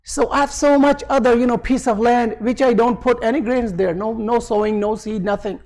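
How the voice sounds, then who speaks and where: High-voiced man telling a sermon story. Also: fairly even intonation, moderate pace, hardly any pauses, a little mellow, rough recording. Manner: conversational, with frequent asides. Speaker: religious preacher.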